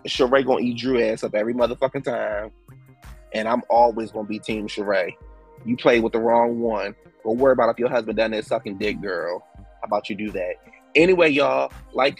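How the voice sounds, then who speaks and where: Husky-voiced man ranting through a recap. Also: medium pitch. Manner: blunt, profane, ranting; drawn-out emphatic words. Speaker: TV recap host. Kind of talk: casual reality TV recap commentary.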